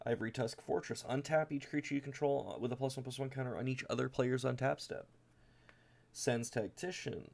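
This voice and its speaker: A man with a medium-pitched, slightly mellow voice and vocal fry speaks briskly while hosting a deck tech. Yawning and tired, he reads each card's text aloud as he casually goes through the deck one at a time, stumbling into fillers and restarts.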